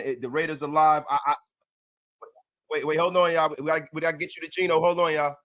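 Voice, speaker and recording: High-pitched male streamer hosting a post-game fan show, excitable, loud and repetitive. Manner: excitable, loud, repeats himself, banters with chat.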